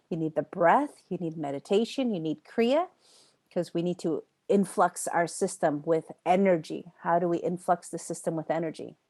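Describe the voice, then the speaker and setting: Low-voiced woman teaching a live class. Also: a little mellow. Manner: chatty, reads out and answers students' typed questions by name; emphatic, repeats phrases for effect, laughs often. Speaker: yoga teacher-training instructor. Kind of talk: live online class lecture.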